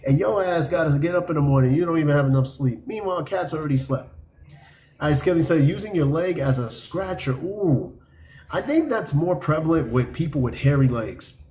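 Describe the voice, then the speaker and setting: A man's voice: fairly high pitch, expressive, fairly quick, a little mellow. A man hosting a podcast, reading a list aloud and mocking it in blunt, profane casual talk. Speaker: podcast host.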